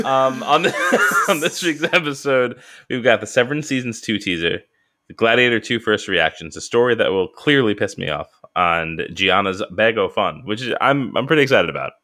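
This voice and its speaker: A man's voice: fairly low pitch, expressive, moderate pace, pushed and bright. A man co-hosting a casual podcast, playful and teasing, laughing often as he runs the show. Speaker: podcast co-host.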